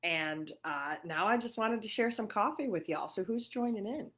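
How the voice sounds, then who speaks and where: A woman's voice: mid-range voice, lively intonation, normal speed. A middle-aged woman from New York hosts a casual livestream chat from her living room, talking freely with frequent fillers and laughs. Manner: chatty, warm-hearted and laughing often, with many fillers. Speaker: livestream host.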